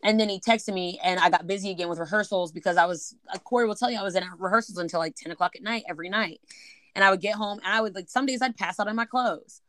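A woman co-hosting a casual chat show, telling a story in an animated way, swearing casually and acting out what people said. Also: mid-range voice, fast talker. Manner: animated, swears casually, acts out quoted dialogue. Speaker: podcast co-host.

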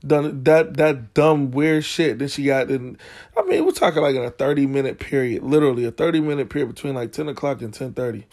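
A man's voice: mid-range voice, expressive, brisk. A man hosting a podcast, telling a story in a casual, profane, slangy way, getting heated as he goes. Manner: slangy, profane, gets heated and loud when retelling arguments. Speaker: podcast host.

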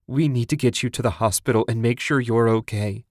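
A man's voice: medium pitch, brisk, darkish tone, no room sound, clean studio sound, lightly acted. A man voicing a desperate young husband who pleads with his grieving wife. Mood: pleading. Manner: pleading, raised voice.

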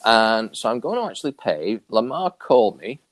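Animated storytelling man, low dry voice. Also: moderate pace, no room sound. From New York area. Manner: animated, acts out quoted dialogue with big pitch jumps. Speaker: interview guest. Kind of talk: casual storytelling.

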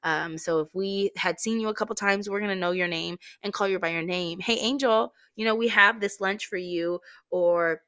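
A woman's voice: on the low side, fairly bright tone. A woman hosting a podcast, telling a personal faith story in a heartfelt way, close to tears at times. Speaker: podcast host.

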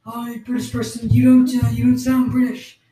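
Flat, mellow-voiced woman co-host. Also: fairly high pitch, soft background music. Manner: flat, halting explanations. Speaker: podcast co-host. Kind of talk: improvised comedy podcast. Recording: roomy, distant mic.

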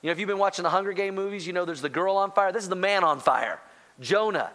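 High-voiced, animated preacher man. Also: fast. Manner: animated, rising to near-shouting excitement; addresses congregation directly as church. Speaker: pastor. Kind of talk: sermon.

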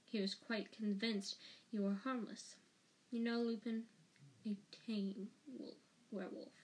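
A woman's voice: a little high, fairly even intonation, measured pace, a little mellow, lightly acted, rough recording. A woman voicing a cold, spiteful male schoolteacher in an audiobook reading, with a sneering, clipped delivery. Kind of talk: audiobook character voice.

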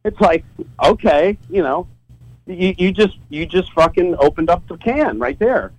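A man's voice: high voice, unhurried, rough recording. A man talking as a podcast guest from his home office. He tells a story casually and with lots of energy, swearing often and laughing in between. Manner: profane, animated storytelling with laughs. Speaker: guest, site owner.

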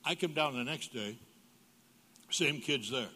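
A man's voice: medium pitch, measured pace, sharp tone, husky. An older man preaching as a guest speaker, telling humorous stories and acting out dialogue with big jumps in his voice. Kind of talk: humorous sermon storytelling. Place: church sanctuary. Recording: reverberant church hall.

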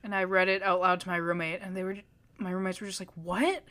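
A woman's voice: lowish voice, little pitch movement, fast talker, sharp tone. A young woman in casual podcast chat, chatty and offhand, cracking jokes.

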